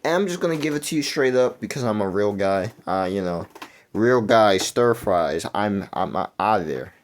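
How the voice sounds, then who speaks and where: A young man talking through a video game quiz in casual, rambling commentary, mumbling and then jumping into excited outbursts. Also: lowish voice, moderate pace. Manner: rambling, self-correcting, swings between mumbling and excited outbursts. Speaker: gaming YouTuber.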